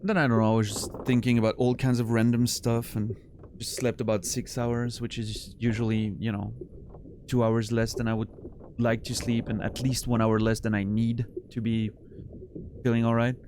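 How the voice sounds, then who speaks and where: A man's voice: mid-range voice, flat delivery, moderate pace, noisy background. A tired, yawning man streaming a game, rambling and teasing his viewers in casual chat. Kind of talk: casual chat while playing.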